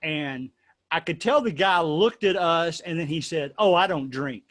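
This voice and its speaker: Male host, playful and rambling, slightly high voice, dry close sound. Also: a little slow, a bit bright, no echo. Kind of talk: casual discussion.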